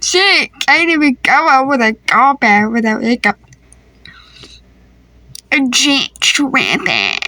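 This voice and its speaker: A woman's voice: sits high, sing-song, slow, pauses often, sharp tone, no room sound. A woman improvising a comedy family skit, talking in a playful, teasing, slangy way. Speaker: creator voicing a family skit.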